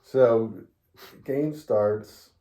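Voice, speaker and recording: A man's voice: mid-range voice, drawn-out words, dark tone. A middle-aged man telling a long baseball story in a casual interview, laughing often as he goes. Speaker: interviewee, father of the host. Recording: roomy echo.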